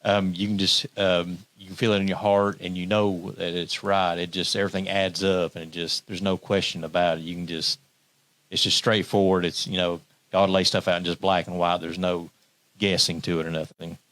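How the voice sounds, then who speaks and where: A man from Tennessee answering interview questions, soft-spoken and brief. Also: low-pitched, flat delivery, normal speed. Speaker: guest, business owner.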